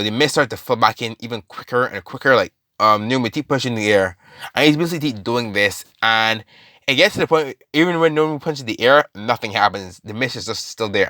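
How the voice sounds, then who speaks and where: A man's voice: on the low side, pushed and bright, no room sound, clean studio sound. A man casually retelling a story, rambling with lots of fillers and restarts.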